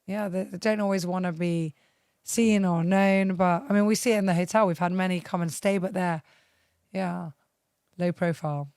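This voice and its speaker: A woman's voice: on the low side, steady tone, normal speed, darkish tone, smooth, no room sound, clean studio sound. A woman hosting a hotel interview show, prompting her guest with encouraging questions. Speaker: talk show host.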